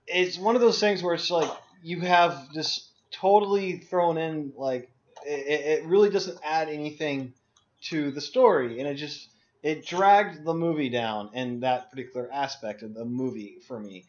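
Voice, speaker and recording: A man's voice: fairly high pitch, normal speed. A young man in casual conversation over a voice call, ranting bluntly and with lots of profanity. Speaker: discussion co-host. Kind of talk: casual Skype chat. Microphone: video call. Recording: dull lo-fi voice call audio.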